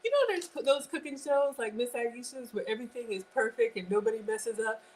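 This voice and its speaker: In her forties and from Ghana, this woman runs a casual home-kitchen cooking stream, welcoming viewers, reading their comments, and being self-deprecating. Her voice is on the high side and a little fast, and the poor audio carries some hiss or hum.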